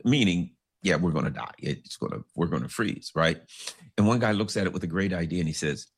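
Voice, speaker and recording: A man's voice: low-pitched, quick pace, breathy edge. A man hosting a rambling political commentary, telling folksy jokes and stories with many restarts.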